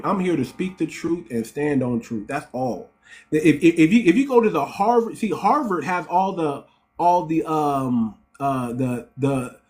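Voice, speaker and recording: A man holds forth in a casual livestream talk, emphatic and preachy. He stumbles into strings of repeated words before landing his point, in a voice pitched a little high for a man. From United States. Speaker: host.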